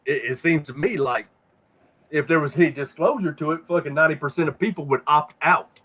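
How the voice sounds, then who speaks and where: A man's voice: fairly high pitch, brisk, fairly bright tone, slight background noise. Profane, rambling man on a lo-fi podcast. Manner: profane, rambling, repeats words when stuck. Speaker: podcast host. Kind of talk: casual conspiracy talk. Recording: dull lo-fi sound.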